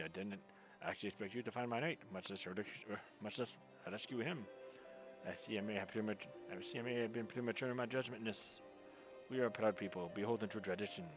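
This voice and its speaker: A man's voice: lowish voice, natural voice. A man voicing a proud, haughty male knight commander in a put-on French accent, speaking formally and stiffly. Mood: grudging. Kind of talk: reading game dialogue in voices.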